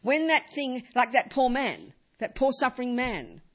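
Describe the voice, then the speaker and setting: A woman's voice: high voice, very animated, unhurried, a bit bright. A woman teaching Buddhism in a talk, emphatic and full of rhetorical questions.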